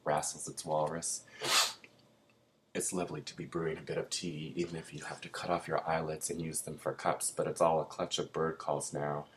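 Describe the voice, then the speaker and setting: Male reader with a very deep voice and a flat, unvarying delivery, measured and deadpan. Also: a little hiss or hum, rough recording. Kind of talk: literary reading aloud.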